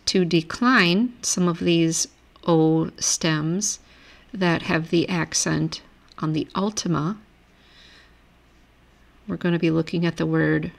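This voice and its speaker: In a recorded grammar lecture over a shared screen, a woman language teacher patiently reads word lists aloud and explains every rule step by step. Her low voice has vocal fry and fairly even intonation, and she takes it slowly with long pauses.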